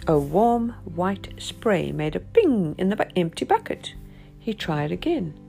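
Slow, gravelly woman reading a picture book. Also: fairly low pitch, very animated, warm tone, soft background music. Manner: sing-song, repetitive storybook rhythm. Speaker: storyteller.

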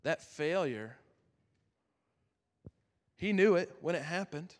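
A man preaching as a youth pastor, earnest and conversational, with dramatic pauses that drop to a near-whisper. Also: on the high side, expressive. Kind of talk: sermon. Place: chapel. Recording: long chapel reverb.

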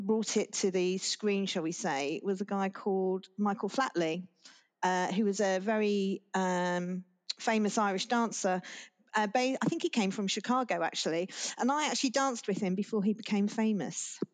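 A woman guest on a podcast, telling a long, rambling anecdote in relaxed conversation, with restarts and laughter. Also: medium pitch, moderate pace. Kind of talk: casual interview chat.

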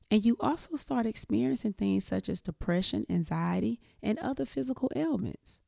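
A woman hosts her own podcast in a low, gravelly voice with a dark, mellow tone. She talks emphatically to her listeners and often stops to ask "okay?". The sound is dry and close, with no room echo. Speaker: podcast host and counselor. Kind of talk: solo podcast talk, motivational.

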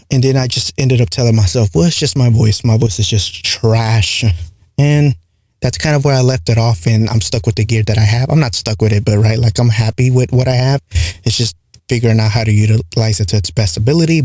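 A man's voice: mid-range voice, a little fast, dark tone, no room sound, studio quality. A man hosting a podcast on his own, rambling casually with lots of "like" and "right?" fillers, in a light accent. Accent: light non-native English accent. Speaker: podcast host. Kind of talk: casual solo podcast monologue. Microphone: close studio mic with compressor.

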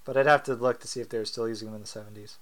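A man's voice: medium pitch, steady tone, racing, a bit bright. A man co-hosting a casual movie commentary, joking, laughing often and trading quips with friends. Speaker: podcast co-host.

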